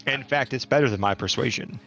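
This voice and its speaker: A man playing a tabletop game, chatting casually, joking and thinking out loud. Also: medium pitch, fast, gravelly, soft background music. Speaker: player.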